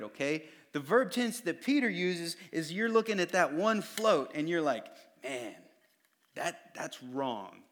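A man preaching a sermon in a casual, conversational way, often acting out what others say. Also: a little high. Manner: casual, conversational preaching that acts out quoted voices. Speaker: pastor.

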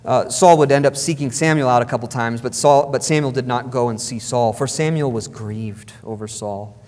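A man's voice: mid-range voice, moderate pace, a little mellow. Emphatic male preacher, echoing hall. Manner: emphatic, repeats phrases for stress. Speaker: pastor. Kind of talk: sermon. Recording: long hall reverb.

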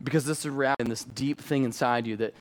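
A middle-aged man preaching a sermon in a church in a lively, conversational way, moving between loud and hushed passages. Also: medium pitch, quick pace. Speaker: pastor.

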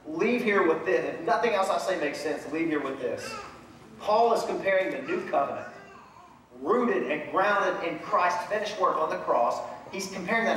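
High-voiced preacher in an echoey hall. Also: male voice. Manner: animated preaching, acts out voices of Bible figures. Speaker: pastor. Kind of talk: sermon. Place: large church sanctuary. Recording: echoey church hall from far off.

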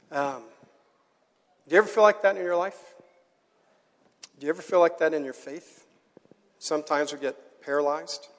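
A man preaching to a live audience, telling a story with animated energy and getting the crowd to join in. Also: a little high. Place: large hall. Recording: hall with long reverb.

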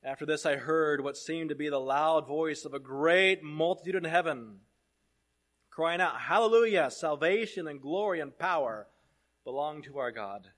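A man preaching a sermon, reading scripture aloud and swinging between loud proclamation and hushed asides. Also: fairly high pitch, unhurried.

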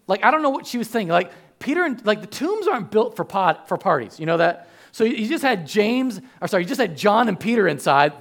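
Male pastor, conversational sermon, high lively voice with some gravel, acts out quotes. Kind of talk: animated sermon.

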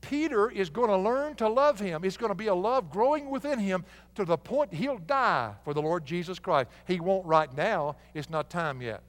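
An older man preaching a sermon in a folksy, animated way, laughing at his own jokes and acting out the people he quotes. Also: high-pitched, moderate pace, hardly any pauses. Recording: long hall reverb.

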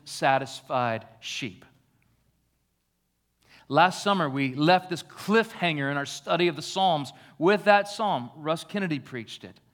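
A pastor preaching a sermon, shifting between hushed, slow reflection and raised, emphatic passages. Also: male voice, high voice. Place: church.

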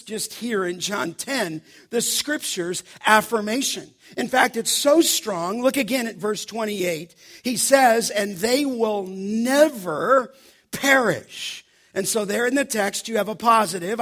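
A male pastor preaching with a high, ringing voice. He leans hard on key phrases and slows down to stress them, delivering the sermon with steady conviction.

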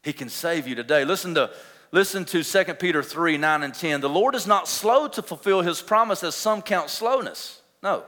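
Young guy pastor preaching hard, high bright voice, long church echo. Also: animated, normal speed. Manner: impassioned preaching, asks the congregation to join in. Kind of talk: sermon. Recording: long reverb of a church hall.

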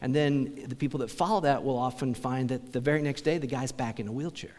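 A pastor preaches a sermon conversationally, asking his congregation rhetorical questions. His voice is medium-pitched, fairly quick and a little mellow, with long church reverb on the recording.

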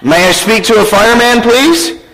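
A man's voice: very high-pitched, lively intonation, normal speed, a bit bright, long reverb tail, a little hiss or hum, voice pushed up, exaggerated voice, low-quality recording. A man voicing a pushy, persistent adult male telemarketer who keeps asking polite questions.

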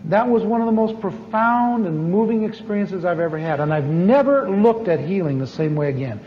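A man preaching a sermon as a story, animated and acting out the voices of the people in it. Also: moderate pace. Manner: animated, acts out dialogue with big pitch swings. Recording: echoey hall, dull lo-fi sound with faint noise.

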